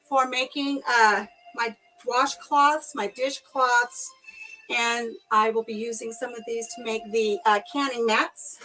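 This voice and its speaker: Chatty, slightly high-voiced woman vlogger, live-stream chat while tidying. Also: fairly even intonation, slow pace, sharp tone, faint music behind, low-quality recording. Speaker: craft vlogger.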